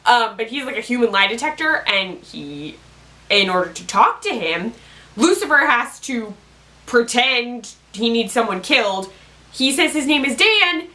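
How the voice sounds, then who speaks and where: A woman chatting excitedly through a recap of a TV episode, rambling fan-style with lots of asides. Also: a little high, rough recording. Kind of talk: casual TV recap.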